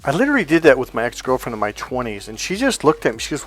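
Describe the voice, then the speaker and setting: A man's voice: fairly high pitch, big pitch swings, fast, hardly any pauses, a bit bright, soft background music. A man giving a blunt, profane coaching monologue on dating, emphatic and acting out quoted lines.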